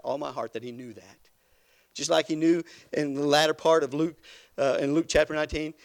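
A man delivers a sermon in a somewhat high voice with a gravelly edge. He swells from quiet, almost hushed lines to loud, climbing emphasis, then drops back down again. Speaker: preacher.

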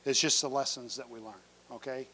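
A middle-aged man preaching a sermon, telling a family story with folksy humor and building to loud, emphatic pleading. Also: mid-range voice, steady tone, fairly quick, breathy edge. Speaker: pastor.

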